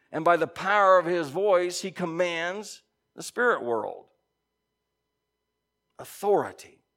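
A man preaching a sermon and reading scripture, with emphatic stresses, sudden quiet drops and conversational asides to his congregation. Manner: emphatic, swinging between loud stresses and low quiet drops. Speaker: pastor.

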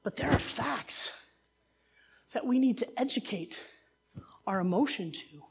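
A woman from New Jersey giving a sermon, telling a family story with jokey asides and animated delivery. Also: on the high side, measured pace, creaky, slightly rough. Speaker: preacher.

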